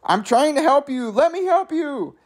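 A mischievous stuffed dead raccoon put on by a man reading a story speaks in a high, squeaky voice. He sometimes drawls in a put-on snooty British accent. He sounds playful and clingy. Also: sing-song, normal speed. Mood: pleading.

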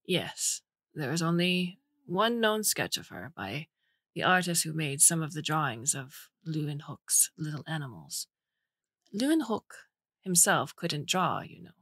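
A woman's voice: low-pitched, sing-song, a little slow, fairly bright tone, slightly rough, dry recording, studio quality, exaggerated voice. A woman voicing a shy young male historian who speaks careful English with a Dutch accent. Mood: explaining. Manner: careful, precise.

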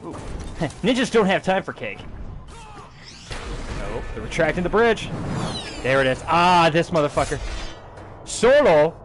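Young man, gaming streamer, excitable, jokey, swearing, slightly high voice, game music behind. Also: moderate pace, pauses often. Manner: excitable, jokey, swears often, laughs at his own jokes. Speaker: gaming livestreamer. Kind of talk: casual let's-play commentary.

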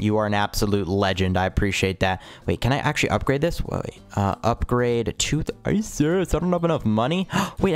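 A young man hosting a gaming video, excitable and exclamatory, talking straight to his viewers. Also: medium pitch. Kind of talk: game commentary.

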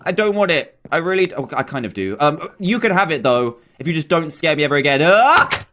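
A man's voice: on the high side, expressive, quick pace, noisy background. A man hosting a gaming video, giving jumpy let's-play commentary, exclaiming often and talking to the game's characters.

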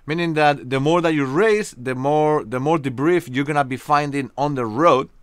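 A young Spanish-accented man from Spain streams a game live, joking and chatting with viewers and leaning on frequent filler pauses. His voice is a little high, clear and resonant. It's studio quality with no room sound.

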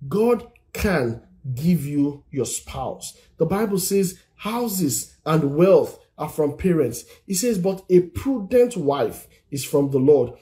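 Male preacher, slightly high and mellow voice, earnest encouraging teaching on a phone live stream. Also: expressive, a little slow. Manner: earnest, repetitive exhortation, reads scripture aloud. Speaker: Christian teacher on singles and marriage. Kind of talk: encouraging sermon-style teaching.

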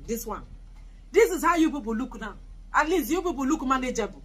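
A woman's voice: fairly high pitch, fairly bright tone, slightly rough, poor audio. Fiery woman ranting. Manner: fiery, scornful, repetitive. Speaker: political commentator. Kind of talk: impassioned political vlog rant.

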